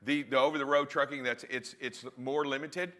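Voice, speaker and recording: A man co-hosting a live trucking broadcast and handling the weather, talking emphatically and stumbling over repeated words before he gets going. His tone is piercingly bright and edgy at an ordinary male pitch. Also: steady tone, moderate pace. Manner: emphatic, repeats words when starting sentences. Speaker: co-host and weather presenter.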